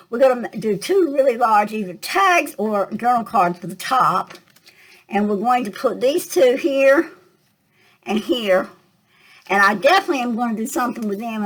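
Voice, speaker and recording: An older woman walks through a craft project at a relaxed, chatty pace. She thinks aloud with plenty of ums and small asides, and a slight cough sits in her voice. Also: on the high side, low-quality recording. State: coughing at times. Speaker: craft tutorial host. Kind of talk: casual craft tutorial.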